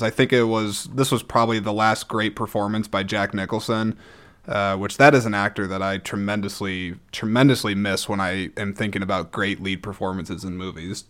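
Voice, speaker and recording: Rambling man, smooth low voice. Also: a bit bright. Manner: rambling, self-interrupting, frequent restarts. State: clearing his throat often. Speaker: podcast host. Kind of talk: casual talk about his movie collection.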